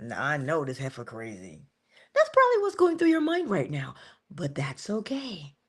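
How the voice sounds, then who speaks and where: A woman's voice: sits low, huge pitch swings, normal speed, slightly rough. A woman giving an earnest but casual inspirational monologue as a motivational speaker, talking conversationally with sudden emphasis.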